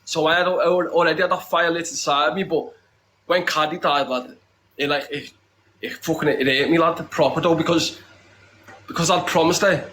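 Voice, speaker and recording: A man's voice: a little high, steady tone, moderate pace, fairly bright tone, a little hiss or hum, rough recording. Blunt, sweary northern English man. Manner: blunt, sweary, keeps adding "lad"; emphatic, repeats himself. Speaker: interviewee, charity campaigner. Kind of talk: impassioned interview talk. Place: secure compound, indoors.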